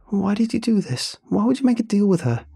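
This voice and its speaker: A man's voice: fairly high pitch, lively intonation, fairly quick, vocal fry, dark tone, husky, no echo, voice pushed up, exaggerated voice. A man reading a horror story, voicing a panicked, tearful young woman who pleads desperately. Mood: distraught.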